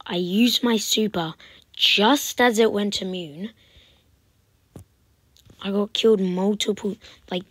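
A woman giving casual commentary over her game, swinging between loud protests and whispered asides. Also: medium pitch, a little slow, pauses often. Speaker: gaming commentator.

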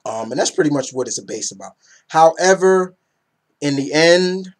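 A man's voice: on the high side, lively intonation, normal speed. A man in his thirties casually reviewing comic books, enthusiastic and rambling, often tripping over names.

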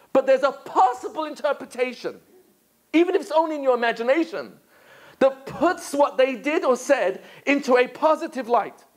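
A rabbi from England giving a lively lecture to an audience, asking many rhetorical questions. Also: male voice, very high-pitched.

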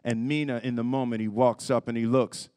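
A man with a smooth, resonant voice answers questions at a press conference, speaking into a handheld microphone. He tells stories with lively energy and breaks into laughter often. His pitch sits in an ordinary middle range. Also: brisk. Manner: animated storyteller, laughing often. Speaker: actor on a press panel. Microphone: handheld microphone passed around.

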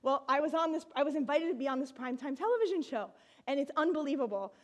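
A woman from the United States tells her story to an audience in a high, bright voice. She talks in an animated way, laughs often, and now and then breaks into excited shouts. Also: quick pace. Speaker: speaker giving a talk.

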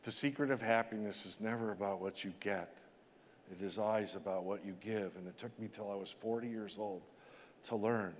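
A man in his sixties giving a motivational keynote speech to a conference, talking with emotion and pushing his voice high at the peaks. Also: normal speed, slight background noise. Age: 60s. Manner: emotional, emphatic, rising to high pitch at peaks. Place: large conference hall. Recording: long hall reverb.

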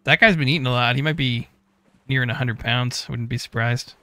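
Joking male streamer, bright voice. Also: mid-range voice, a little fast, no room sound. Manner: reads chat messages aloud, joking. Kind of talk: casual gameplay chat.

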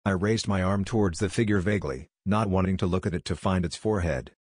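Deep-voiced man telling a horror story. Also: fast, darkish tone, no echo, clean studio sound. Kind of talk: scripted horror narration.

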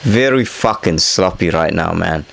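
A man's voice: sits low, animated, measured pace, gravelly, fairly bright tone, poor audio. A young man casually narrating over footage of his own boxing fight, candid and self-critical, swearing freely. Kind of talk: casual fight breakdown commentary.

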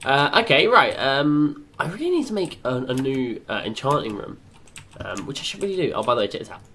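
A young man doing excitable let's play commentary, chattering to himself and swearing often. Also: mid-range voice, brisk, slight background noise. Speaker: gaming channel host.

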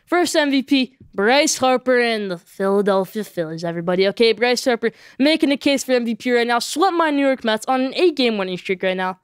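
Woman doing a solo sports podcast, talks super fast, keeps saying okay?, all fired up, dry close sound. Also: a little high, smooth, dry recording. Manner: emphatic, repeats points with a tag "okay?"; excitable, animated opinions.

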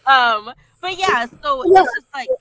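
A woman who voices characters, chatting as a podcast guest in an animated way, with frequent laughs and stop-start sentences. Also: high-pitched, measured pace, no room sound. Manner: animated, laughing, trailing restarts. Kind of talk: casual interview chat.

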